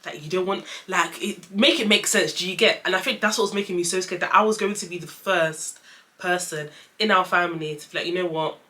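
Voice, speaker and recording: Bright chatty young woman. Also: on the low side. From London, England. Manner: chatty, lots of fillers, acts out dialogue in quick voices. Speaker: vlogger. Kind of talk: casual storytelling chat.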